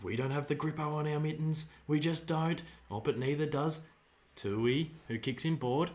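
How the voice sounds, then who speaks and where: A young Australian man hosting a livestream, giving excitable watch-along commentary on a football match and chatting with viewers. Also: on the high side, moderate pace. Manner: excitable, shouts at play, banters with chat. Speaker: livestream host.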